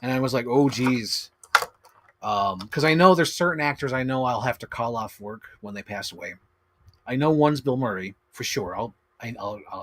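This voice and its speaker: A man in his thirties rambles through a casual unboxing stream at a middling pitch. He talks in an excitable, chatty way and keeps breaking into laughs. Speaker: streamer host. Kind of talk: casual chat while unboxing collectibles.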